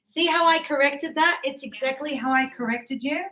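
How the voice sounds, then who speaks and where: A woman teaches an English grammar lesson to a class, patiently explaining with examples and encouraging her students. Her voice is high-pitched with a sharp tone and a moderate pace, and the classroom sound is echoey.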